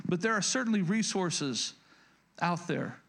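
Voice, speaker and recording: A man with a fairly high voice preaching a sermon to his congregation. He stumbles and restarts often, repeats his key phrases, and keeps calling out to everyone in the room. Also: lively intonation, a little slow, vocal fry, a bit bright. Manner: repetitive, stammering restarts, addresses congregation directly. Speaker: pastor.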